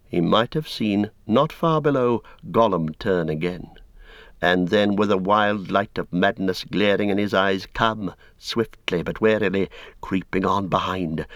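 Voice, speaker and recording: A man reading a story aloud in measured, solemn narration. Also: low voice, fairly bright tone, dry recording, studio quality. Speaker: audiobook narrator. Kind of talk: scripted narration.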